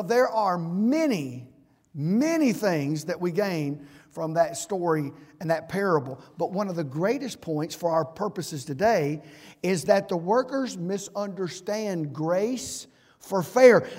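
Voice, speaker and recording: A man preaching a sermon as pastor, emphatic, swinging from loud passages to hushed ones. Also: high-pitched. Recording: hall reverb.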